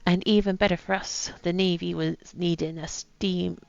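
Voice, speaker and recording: Woman doing a gravelly old pirate captain, boastful and bitter, rough put-on pirate accent, low, dull lo-fi sound. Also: steady tone, moderate pace, dry recording. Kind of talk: reading a journal aloud in character.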